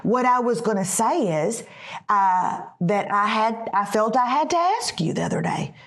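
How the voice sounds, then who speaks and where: A woman's voice: a little high, animated, unhurried, a bit bright. A woman putting on a prim, fretful older mother.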